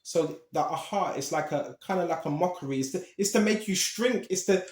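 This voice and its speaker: A man's voice: sits high, fairly quick, darkish tone, echoey room. A man teaching from the Bible in a casual, conversational way, reading verses and often checking in with "right?". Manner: conversational, street slang, keeps asking "right?". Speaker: preacher.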